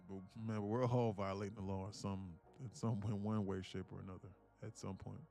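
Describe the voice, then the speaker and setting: A man's voice: lowish voice, little pitch movement, brisk, gravelly, mellow, soft background music. A man hosting a live day-trading stream, chatting casually, laughing often and repeating words as he thinks. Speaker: day-trading livestream host.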